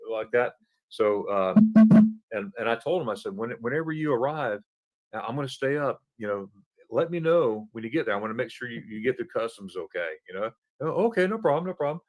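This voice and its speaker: Animated man telling a travel story. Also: on the low side, fairly quick, soft background music. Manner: animated, acts out dialogue, stumbles and repeats words. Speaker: podcast guest. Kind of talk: casual anecdote telling.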